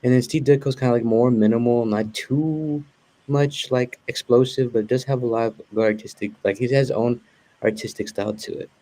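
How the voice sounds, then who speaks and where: A man's voice: mid-range voice, fairly even intonation, normal speed, dark tone. A man talking casually as a guest, rambling with lots of fillers and restarts. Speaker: guest reviewing a show. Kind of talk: casual conversation.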